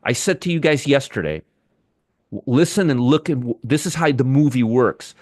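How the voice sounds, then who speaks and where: A man hosts a daily trading show, talking viewers through chart levels in an emphatic, repetitive way. His voice sits at an ordinary pitch and sounds close and dry, with no room around it. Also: expressive, moderate pace, a little mellow, no room sound. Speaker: market commentary host. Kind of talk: casual trading analysis monologue.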